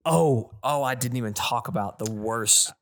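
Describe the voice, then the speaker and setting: A man co-hosting a casual gaming podcast, talking in an animated, ranting way with lots of restarts. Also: mid-range voice, normal speed. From not British. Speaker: podcast co-host.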